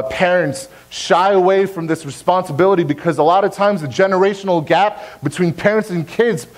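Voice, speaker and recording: A man's voice: on the high side, low-quality recording. A young adult man, a pastor, preaching a sermon in a church in an earnest, direct way, repeating key phrases to press the point. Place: church sanctuary.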